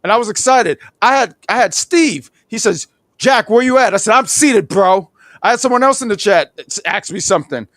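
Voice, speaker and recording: A man's voice: high voice, fairly quick, dry recording. A man in his thirties co-hosting a casual wrestling review show, telling rambling, laughing stories. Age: 30s. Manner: animated, rambling storytelling with laughs. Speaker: podcast co-host.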